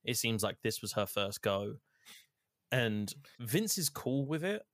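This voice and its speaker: A man casually comparing his playthrough of a game with friends, in a relaxed, conversational way. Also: mid-range voice, slow, no room sound, clean studio sound. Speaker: podcast co-host discussing a game. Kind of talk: casual chat.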